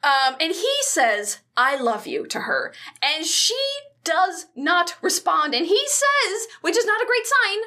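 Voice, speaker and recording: A woman co-hosting a podcast, recapping a movie in casual chat, animated and cursing freely with jokey asides. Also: very high voice, takes it slowly, few pauses. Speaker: podcast co-host.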